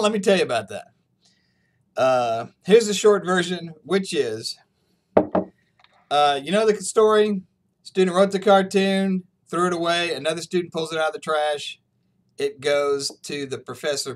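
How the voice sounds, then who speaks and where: A man's voice: fairly high pitch, normal speed. A male professor giving a casual recorded online lecture, telling a story in a chatty way and often laughing.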